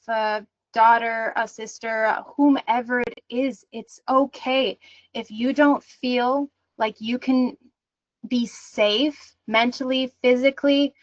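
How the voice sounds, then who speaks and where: Slow, earnest woman hosting a workshop. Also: on the high side, a bit bright, no room sound, dull audio. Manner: earnest, reassuring, reads audience comments aloud. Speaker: workshop host. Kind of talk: encouraging online workshop talk.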